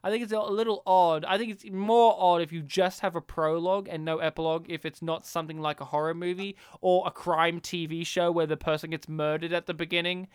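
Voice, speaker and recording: Aussie guy podcasting about movies, higher voice, smooth and clear, dry sound. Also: fairly even intonation, a little fast, hardly any pauses, no echo. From Australia. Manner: chatty, joking, swears casually. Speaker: podcast co-host. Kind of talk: casual film review chat.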